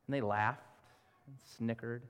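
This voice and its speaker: A man's voice: mid-range voice, fairly even intonation, unhurried. A man preaching a sermon as pastor, earnest, asking pleading rhetorical questions of his congregation. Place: church sanctuary. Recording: reverberant church hall.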